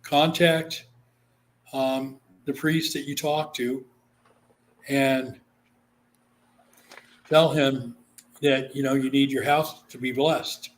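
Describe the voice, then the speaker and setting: A man from Guam, talking as a guest on an interview show at a middling pitch. He tells a long story in a loose, chatty way, drops "you know" often and slips into the voices of the people he quotes. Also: fairly even intonation, takes it slowly, long pauses, a little hiss or hum. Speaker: psychic medium, interview guest.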